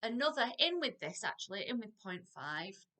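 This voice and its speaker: A middle-aged woman teaches a parenting class in an animated, expressive way. Her voice is bright and clear, and she slips into quick acted examples of parents and children. Her pitch sits in the middle. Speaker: parenting practitioner. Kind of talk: recorded parenting lesson.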